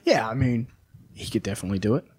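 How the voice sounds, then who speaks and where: A man co-hosting a casual podcast chat, blunt and quick to laugh, swearing casually. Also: mid-range voice, lively intonation, darkish tone, slightly rough, dry recording. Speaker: podcast co-host.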